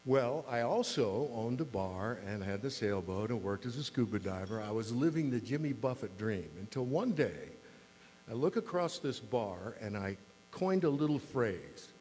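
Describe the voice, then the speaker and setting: A man in his sixties gives a humorous, anecdotal mayor's talk to a club, telling wry stories at his own expense. His mid-range voice is animated and a little mellow, at normal speed. The recording comes from a reverberant hall with a faint mains hum.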